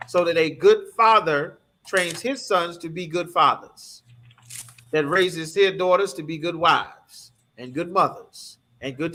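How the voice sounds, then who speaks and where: A man from the United States leads a scripture class with a high voice. He preaches emphatically in a streetwise way and keeps asking his listeners rhetorical questions. His tone is bright and forceful.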